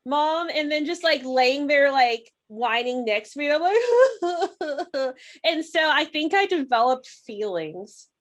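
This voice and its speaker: A woman's voice: high voice, lively intonation, slow pace. A young woman co-hosting a podcast, chatting candidly and rambling, often laughing. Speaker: podcast co-host. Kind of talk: casual chat.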